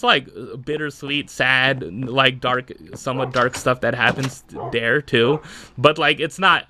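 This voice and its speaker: A man's voice: medium pitch, bright, forceful tone, a little hiss or hum. A man hosting a podcast, talking casually on his own and rambling with lots of fillers and laughs. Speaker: podcast host. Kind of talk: casual solo chat.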